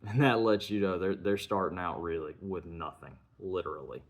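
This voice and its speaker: A man reviewing a film, retelling its scenes in an earnest, measured way and chaining sentences with "and". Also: sits low.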